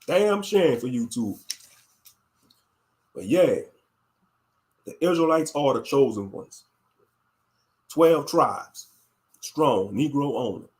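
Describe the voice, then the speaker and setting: A man's voice: medium pitch, expressive, slow pace, long pauses. A man delivering a blunt, heated commentary rant as a YouTube commentator. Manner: blunt, heated, repeats catchphrases. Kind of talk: ranting commentary.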